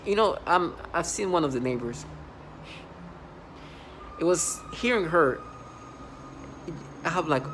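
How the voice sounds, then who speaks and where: A vlogger speaking in an agitated, intense personal monologue that keeps restarting and breaking into quoted asides, swinging between loud outbursts and low muttering. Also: animated, measured pace, pauses often, a little hiss or hum.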